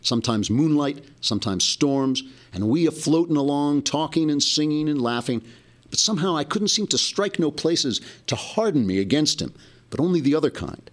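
A man's voice: on the high side, animated, normal speed, pitched above the performer's own voice, lightly acted. A man reading aloud as Huckleberry Finn, a young runaway boy torn by conscience, in an earnest, folksy storytelling voice. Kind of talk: reading a novel passage aloud.

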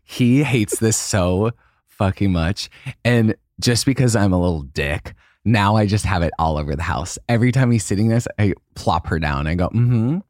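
A man's voice: lowish voice, lively intonation, normal speed, darkish tone, dry recording, clean studio sound. A young man co-hosting a podcast in casual, campy comedic chat, slipping into playful put-on quotes. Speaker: podcast co-host.

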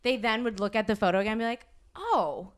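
A woman's voice: on the high side, fairly even intonation, rapid-fire, clean tone. A woman hosting a podcast, telling a story in casual chat, acting out quotes and swearing freely. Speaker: podcast host.

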